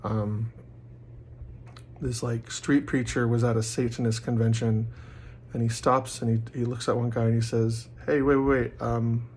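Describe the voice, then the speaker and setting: Man vlogger, mid pitch, rambling casual monologue full of fillers, bursts into loud quoted voices. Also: level tone, normal speed, slight background noise. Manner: acts out quoted voices loudly.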